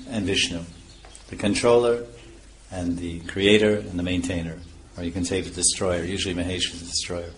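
Male spiritual teacher, low voice, explanatory lecture delivery with light chuckles; faint ambience and birds behind. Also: a little hiss or hum. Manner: explanatory, chuckles at his own points. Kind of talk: scripture lecture.

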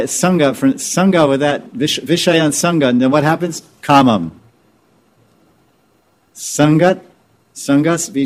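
A man's voice: medium pitch, darkish tone. A man teaching scripture informally, repeating and restarting words as he explains terms. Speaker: spiritual teacher.

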